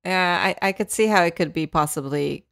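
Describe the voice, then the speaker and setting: A woman co-hosting a language podcast as the teacher, explaining gently with frequent giggles. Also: lowish voice, fairly quick, vocal fry, no room sound, clean studio sound. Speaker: Japanese teacher and podcast co-host. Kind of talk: casual language-lesson chat.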